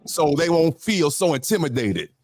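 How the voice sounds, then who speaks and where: A man's voice: a little high, very animated, normal speed, a little mellow. A man hosting a podcast panel, talking emphatically and firing off rhetorical questions. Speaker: podcast host. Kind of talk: casual panel talk.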